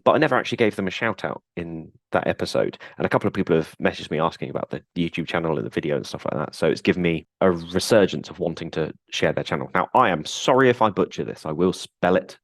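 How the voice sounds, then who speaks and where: Man, podcast co-host, steady explainer, very deep voice, dry sound. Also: no echo. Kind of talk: casual podcast chat. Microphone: headphones, remote call.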